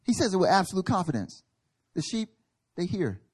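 A man's voice: high voice, very animated, fairly quick, darkish tone, slightly rough. A male pastor preaching a sermon at a church service, emphatic and building in intensity, acting out little quoted voices.

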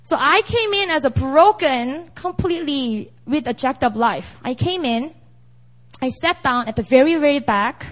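A young woman preaches in a relaxed, chatty way, often asking her listeners if they follow. Her voice sits high and swings widely in pitch. She sounds conversational rather than formal. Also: moderate pace. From South Korea. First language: Korean. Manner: chatty, with frequent "you know" and "right?". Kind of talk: casual, animated sermon.

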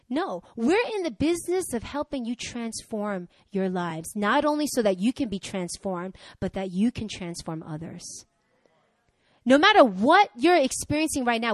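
A young woman preaching a sermon, conversational and energetic, swinging from loud exhortation to quiet asides. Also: a little high, no room sound.

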